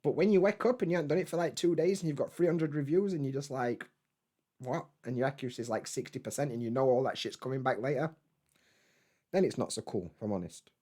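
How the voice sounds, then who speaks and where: Bloke, mid-pitched, chatting loosely to his stream from home, casual and sweary. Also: fast talker, warm tone. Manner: laid-back, rambling, swears freely. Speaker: YouTuber hosting a live stream. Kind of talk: casual live-stream chat reading comments.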